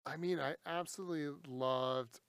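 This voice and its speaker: A man's voice: a little high, moderate pace, a bit bright, smooth, no room sound, clean studio sound. A man co-hosting a casual podcast, easily amused and laughing a lot. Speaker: podcast co-host.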